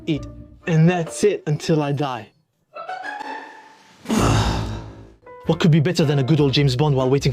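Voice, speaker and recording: A young man narrates his food challenge vlog, tired and stuffed, making fun of himself with dramatic complaints. His voice sits a little high for a man. Clear music runs behind him the whole time. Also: a little mellow. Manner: joking, self-mocking, dramatic complaints. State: tired, overfull. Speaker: vlogger.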